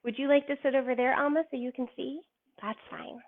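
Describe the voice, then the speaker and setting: A woman's voice: high-pitched, fairly even intonation. A young woman teaching yoga to children and reading them a story in an encouraging, sing-song way. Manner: encouraging, slow and sing-song when cueing poses. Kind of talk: gentle yoga instruction and storybook reading for kids. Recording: tinny phone-like sound.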